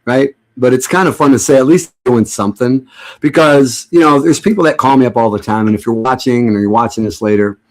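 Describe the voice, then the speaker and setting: A man's voice: medium pitch, fairly quick. Sarcastic rambling middle-aged man. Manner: sarcastic, joking, rambling with restarts. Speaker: livestream host. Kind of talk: casual rambling chat to viewers.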